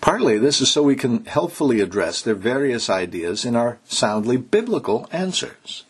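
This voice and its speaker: A man preaching a sermon, exhorting his listeners and slowing down to stress key words. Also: mid-range voice, big pitch swings, breathy edge. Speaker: pastor.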